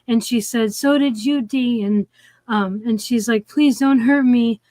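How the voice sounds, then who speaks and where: Female co-host, slightly high voice, rambling plot recap, dry close mic sound. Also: measured pace, warm tone, no echo. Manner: rambling, lots of "like" and "um", restarts. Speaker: co-host of a movie review stream. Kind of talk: casual chat retelling a film plot.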